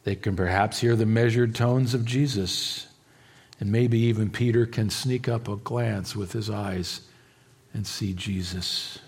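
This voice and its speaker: A man preaching an expository sermon, swinging between hushed, quiet stretches and emphatic, raised passages, with halting restarts and repeated words. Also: on the low side, fairly even intonation, breathy edge. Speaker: pastor.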